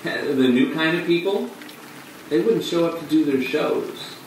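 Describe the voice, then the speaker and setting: An actor playing a male off-off-Broadway performer who tells his story in a halting way, with dark, bitter laughs. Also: fairly high pitch, a little hiss or hum, close to an everyday voice. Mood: rueful. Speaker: actor in a monologue. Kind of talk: stage monologue on film. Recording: distant echoey room with rain.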